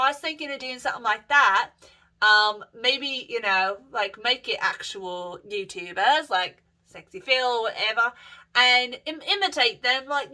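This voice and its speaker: Young woman, vlogger, casual rambling monologue, profane, lots of fillers, slightly high voice. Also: sharp tone. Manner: profane, rambling, many fillers and self-corrections.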